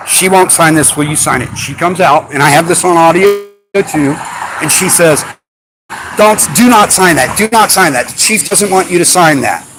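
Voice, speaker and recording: A man speaks in a slightly high voice, frustrated and argumentative as he presses his case. He is recorded on a phone live stream with faint ambient noise behind him. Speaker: citizen auditor filing a complaint. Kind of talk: heated live-streamed complaint to an officer.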